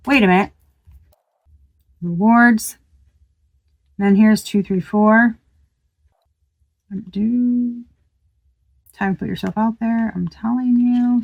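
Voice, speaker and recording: A woman's voice: a little high, slow pace, long pauses, a little mellow, poor audio. A woman reads tarot for her viewers in a loose, chatty way. She is exclamatory and swears freely. She thinks aloud, trailing off mid-sentence and starting over. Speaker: tarot reader. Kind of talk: casual tarot reading to viewers.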